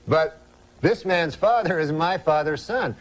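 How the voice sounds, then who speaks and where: A man's voice: fairly high pitch, lively intonation, unhurried, low-quality recording. A man doing a brash New York cabbie. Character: chatty New York cab driver, middle-aged man.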